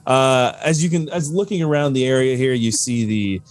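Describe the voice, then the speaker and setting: Halting game master with a middle-pitched voice, loose and chatty. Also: male voice, expressive, dry recording. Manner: loose, halting narration with many fillers. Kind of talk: narrating a tabletop game.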